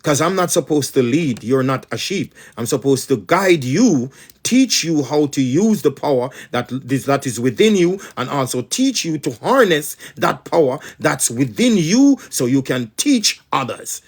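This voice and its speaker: High-voiced Jamaican man preaching. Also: sing-song, unhurried, husky. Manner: emphatic, repetitive, in patois. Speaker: spiritual teacher. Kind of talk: preaching monologue.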